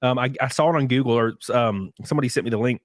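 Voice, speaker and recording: A young man hosting a casual podcast chat, excitable and crude, swearing freely. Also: mid-range voice, rapid-fire, no echo, studio quality. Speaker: podcast host.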